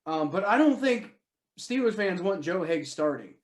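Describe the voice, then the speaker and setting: A young man on a sports podcast with a slightly high voice, talking in loose, rambling sentences full of restarts and dry jokes. His voice bounces around an echoey room. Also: big pitch swings, normal speed. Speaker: podcast co-host. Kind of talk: casual sports podcast chat.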